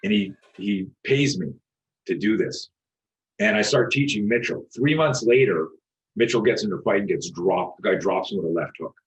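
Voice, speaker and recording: A man in his sixties, a podcast guest who teaches self-defense, telling stories in an animated, profane way and acting out the voices of the people in them. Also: on the low side, moderate pace. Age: 60s. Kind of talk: storytelling interview talk. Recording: dull lo-fi recording.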